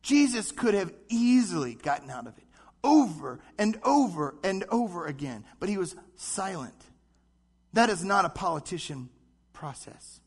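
Animated high-voiced male preacher. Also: breathy edge. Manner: animated, acts out voices in quick asides. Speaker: pastor. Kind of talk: sermon.

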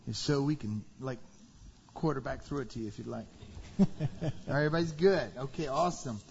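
A man's voice: mid-range voice, brisk, creaky, muffled recording, a little hiss or hum. A man hosting a church service with casual, chatty talk full of fillers. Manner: relaxed, chatty, many fillers.

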